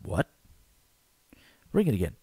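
A man's voice: a little slow, warm tone, no room sound. A man hosting an improvised comedy sketch, with blokey banter and frequent stammering. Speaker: comedic host.

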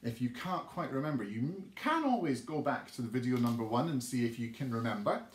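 A man's voice: mid-range voice, very animated, a little fast. A man teaching a recorded music lesson for young children, explaining a clapping game step by step in an encouraging, patient way. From England. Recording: echoey room, mic at a distance.

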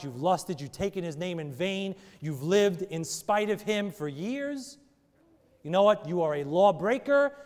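Emphatic preacher, man with church echo. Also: on the high side. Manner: emphatic, repeated rhetorical questions. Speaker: pastor. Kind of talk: sermon with altar call. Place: church sanctuary. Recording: long church hall reverb.

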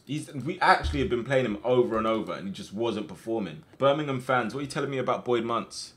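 A young man commentating on his football management game, getting excited and shouting at his players on screen. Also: medium pitch, quick pace. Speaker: gaming streamer.

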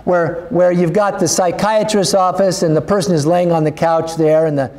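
A man's voice: fairly even intonation, normal speed, darkish tone. A male pastor preaching a sermon, earnest and urging, his voice rising as he exhorts the congregation. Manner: earnest, urging, rises in pitch when exhorting.

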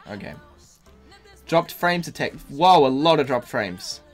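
A tired man chats live while streaming a game, rambling and swearing with plenty of ums and restarts. His voice sits at an ordinary pitch. Faint music plays quietly behind him. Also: lively intonation, a little slow. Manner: rambling, profane, many fillers and restarts. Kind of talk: casual live-stream chat.

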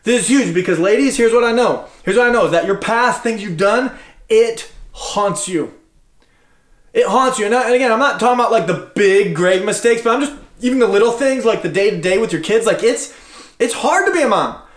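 A man's voice: high-pitched, expressive, quick pace, echoey room. A man preaching a sermon as pastor, talking conversationally, telling stories and repeating his phrases. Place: church sanctuary.

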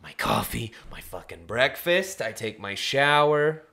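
A man's voice: medium pitch, big pitch swings, unhurried, pushed and bright. A man co-hosting a casual comedy podcast, riffing loosely with lots of swearing and "dude". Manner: profane, riffing, calls people dude. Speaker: podcast co-host.

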